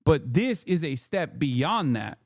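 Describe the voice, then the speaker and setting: A fired-up male streamer rants into a desk mic, pressing his points again and again with plenty of swearing. His voice sits a little higher than most men's. The sound is close and dry, with no room around it. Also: very animated, slow, a little mellow, dry recording. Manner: heated, profane, emphatic and repetitive. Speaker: streamer host. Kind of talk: political commentary stream.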